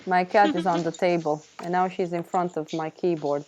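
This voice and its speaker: A woman's voice: fairly low pitch, fairly even intonation, moderate pace, darkish tone, slight background noise. Chatty woman streamer drawing on stream. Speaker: art streamer and host. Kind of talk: casual chat while drawing.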